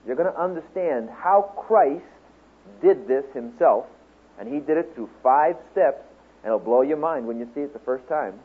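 A man speaking at a Bible teaching seminar, telling a story and then lecturing to a class in an animated way, acting out the quotes. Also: mid-range voice, husky. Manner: animated storyteller, acts out quotes, laughs along. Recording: tinny phone-like lo-fi recording.

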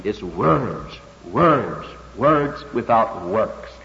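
In a low, creaky voice and at an extremely slow pace, a man delivers an expository sermon with lively, swooping inflection, drawing out key words for emphasis. A long reverb tail suggests a large church, and the recording sounds dull and lo-fi.

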